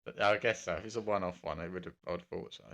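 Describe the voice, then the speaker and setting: A fairly low-pitched man in relaxed podcast chat. He hesitates often and restarts his sentences, filling gaps with ums as he thinks aloud. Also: very fast, creaky. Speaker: podcast co-host. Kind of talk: casual chat about cricket.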